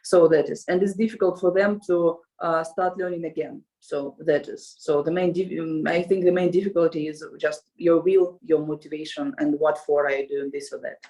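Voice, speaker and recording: Woman with a Russian accent, halting. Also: deep voice, steady tone, mellow, low-quality recording. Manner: hesitant, many fillers and restarts. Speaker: guest, language school co-founder. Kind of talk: casual interview.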